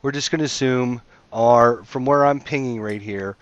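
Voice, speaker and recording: A man's voice: medium pitch, moderate pace, clean tone, dry recording, dull audio. A man acting as game master, narrating a tabletop game in a rambling way, full of fillers and restarts, over a computer mic. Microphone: computer mic over voice chat.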